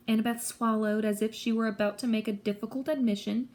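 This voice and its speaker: A woman narrates a story in the first person. Her voice sits a bit high and stays steady. She tells it with lively pacing. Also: fast, few pauses. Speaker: audiobook reader.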